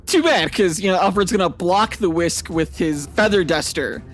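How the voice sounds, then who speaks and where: High-voiced playful male podcast host. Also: normal speed, faint music behind. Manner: animated, laughing storyteller. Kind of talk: playful comedic debate.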